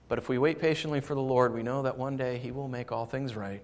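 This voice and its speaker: A man preaching a sermon as pastor, shifting into lively storytelling and asking his congregation for responses. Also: mid-range voice, fast talker, few pauses. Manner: conversational preaching with lively storytelling and audience asides. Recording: long reverb of a large hall.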